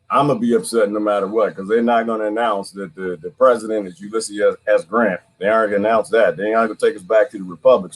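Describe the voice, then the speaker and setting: A man's voice: lowish voice, husky. A male comedian hosting a casual live stream, joking with his viewers and laughing often.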